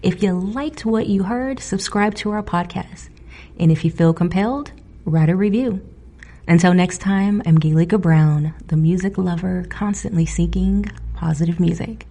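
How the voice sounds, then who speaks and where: A woman hosting a music podcast alone, talking in a casual, animated way, laughing often and getting indignant. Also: fairly low pitch, moderate pace. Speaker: podcast host. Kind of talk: casual solo podcast commentary.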